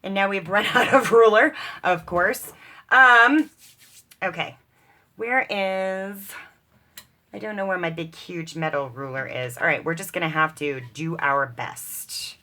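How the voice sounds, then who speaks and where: A woman's voice: on the low side, measured pace, bright, forceful tone. A woman hosting a crafting video, chatting casually and laughing at herself as she works, with a put-on British accent. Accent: mock British put-on. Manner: chatty, self-deprecating, laughs often, talks to viewers as she works. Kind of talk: casual crafting chat while working.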